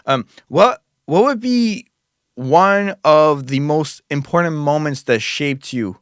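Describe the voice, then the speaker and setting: A man hosting a music podcast, asking a guest earnest, slightly halting questions. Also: fairly high pitch, lively intonation, no echo, studio quality. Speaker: podcast host. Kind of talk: interview questions.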